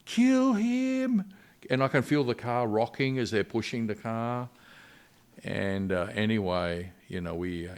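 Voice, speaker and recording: Middle-aged male missionary guest with a deep, low voice; earnest, halting storytelling. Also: gravelly. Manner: earnest, halting retelling with frequent restarts. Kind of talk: personal storytelling in a podcast interview.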